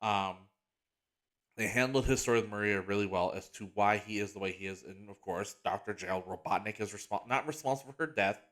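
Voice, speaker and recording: A man's voice: on the low side, fairly quick, fairly bright tone. Rambling, enthusiastic male podcast host. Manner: rambling, enthusiastic, heavy use of "like" and restarts; gets emotional and earnest about a heartfelt topic. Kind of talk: casual solo podcast chat.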